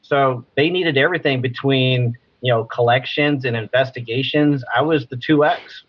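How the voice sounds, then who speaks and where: A man who is a podcast guest rattles off his explanations quickly and packs them with jargon. His voice sits at an ordinary pitch. The audio is dull and lo-fi. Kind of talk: casual interview talk.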